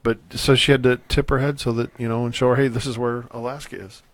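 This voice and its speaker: A man's voice: mid-range voice, flat delivery, quick pace, no room sound. A man co-hosting a podcast in casual chat, rambling with many restarts. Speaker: podcast co-host.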